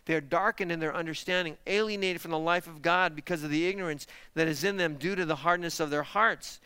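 A man's voice: a little high, brisk, pushed and bright, clear, resonant tone, dry recording. A man, a pastor, preaching a sermon with emphatic rhetorical questions and direct appeals to the congregation. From parents lived in Texas.

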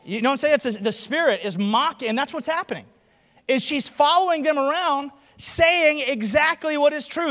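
A man's voice: extremely high pitch, normal speed, fairly bright tone. A man preaching a sermon, telling stories with animation and acting out the other people's voices in a large church hall. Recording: long hall reverb.

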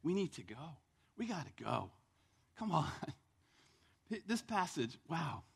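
A man's voice: on the high side, big pitch swings, slow pace, gravelly, slightly rough. A man preaching a sermon in a church, fervent and exhortative, repeating phrases for emphasis. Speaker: pastor. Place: church sanctuary.

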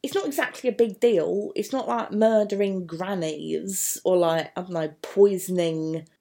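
A woman's voice: fairly low pitch, unhurried, creaky, dark tone. A woman teaching English poetry, chatty and thinking aloud with many asides. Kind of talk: poetry analysis lesson.

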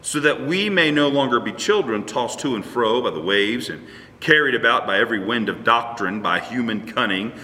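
A man preaches with a lively, swooping voice that has a bright edge. He sounds a little distant from the mic, and his words ring through a reverberant church sanctuary. He slips into quick acted exchanges between a pastor and churchgoers. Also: mid-range voice. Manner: conversational preacher acting out dialogues. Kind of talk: sermon.

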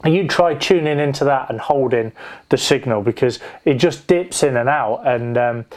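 A man's voice: medium pitch, a little mellow. A man preaching a sermon in a conversational, digressive storytelling way, with frequent restarts. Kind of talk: sermon with personal anecdote.

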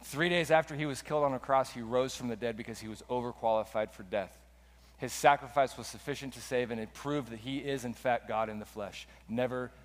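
A man preaching a sermon with impassioned delivery, often climbing high and loud for emphasis. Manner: impassioned preaching with dramatic pitch swings. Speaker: pastor. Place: church sanctuary. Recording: long hall reverb.

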